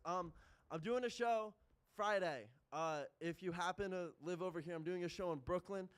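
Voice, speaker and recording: A man's voice: high voice, normal speed, soft background music. A man performing boastful, explicit rap at a live open mic, then chatting casually to the crowd. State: out of breath. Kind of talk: rapping over a beat, then chatting to the crowd. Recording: loud hip hop beat behind.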